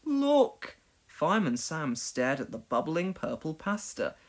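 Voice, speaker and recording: A woman narrating a children's storybook read-along, expressive in delivery. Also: deep voice, normal speed.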